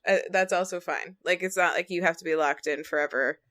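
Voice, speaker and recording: A woman's voice: mid-range voice, lively intonation, a little fast, few pauses, pushed and bright. A woman co-hosting a podcast in casual chat, rambling with many restarts and filler words. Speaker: podcast co-host.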